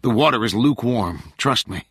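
A man voicing a calm, professional American male medic with an American accent, firm and clinical. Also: medium pitch, normal speed, slightly rough, dry recording, studio quality.

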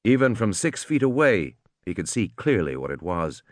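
A man's voice: fairly low pitch, sing-song, normal speed, dry recording, clean studio sound. A man narrating an audiobook in a tense, dramatic storytelling manner.

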